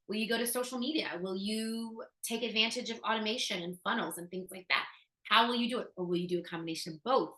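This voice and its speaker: A woman presents a business opportunity in a casual, emphatic way, piling up rhetorical questions and dropping in slang. Her voice is bright and forceful, and it rings in an echoey room. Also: a little high. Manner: casual, slangy, laughs often.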